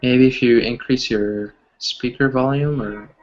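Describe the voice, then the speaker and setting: A man's voice: medium pitch, steady tone, measured pace. A male English teacher leads a lesson over a video call, walking through examples patiently and checking in with "right?" again and again. His voice sits in a mid range, and the call audio is somewhat dull. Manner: explains patiently, asks "right?" constantly. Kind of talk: online class teaching.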